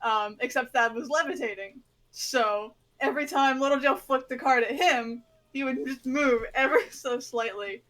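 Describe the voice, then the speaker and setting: A woman's voice: high-pitched, normal speed, fairly bright tone, rough recording. A woman player describing her character's antics in a tabletop game, rambling with fillers and laughing. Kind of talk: casual chat.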